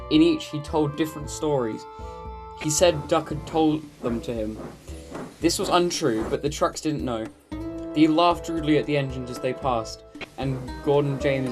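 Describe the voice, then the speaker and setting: A woman narrating a children's railway story in a steady, plain reading manner over background music. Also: extremely low pitch, normal speed.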